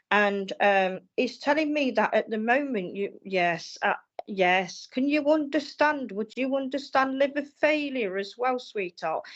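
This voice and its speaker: A woman's voice: a little high, highs cut off. A woman working as a psychic medium, giving readings on a live stream in a reassuring manner, calling people darling and lovely.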